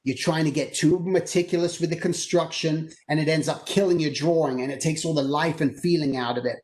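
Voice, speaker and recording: A man giving a conversational career talk to students over a video call, energetic and acting out quoted dialogue. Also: on the high side, fairly quick. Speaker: guest presenter.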